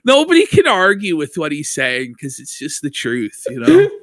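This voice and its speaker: Excitable high-pitched man mocking a clip. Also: normal speed, dry recording, clean studio sound. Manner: loud, excitable, mock-sobbing and swearing. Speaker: stream co-host. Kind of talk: mocking commentary on a video clip.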